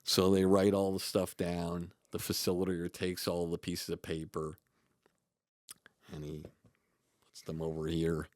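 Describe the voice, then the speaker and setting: Low, dry-voiced man telling stories. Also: monotone, a little mellow, dry recording. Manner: earnest, reflective, halting with restarts. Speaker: comedy producer and manager, podcast guest. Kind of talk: storytelling in a podcast interview.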